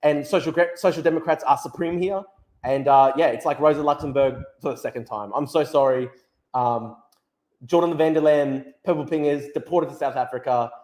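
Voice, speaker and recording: Male streamer, profane, gloating, fairly high voice, echoey room sound. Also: moderate pace, darkish tone. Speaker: political streamer. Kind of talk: live-stream political rant.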